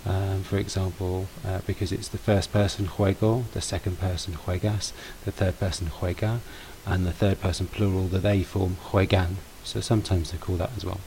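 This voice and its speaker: Patient man teaching, gravelly low voice. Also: flat delivery, moderate pace, few pauses, dark tone, a little hiss or hum, poor audio. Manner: patient, stresses sounds and repeats words. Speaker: language teacher. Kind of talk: explaining grammar to pupils.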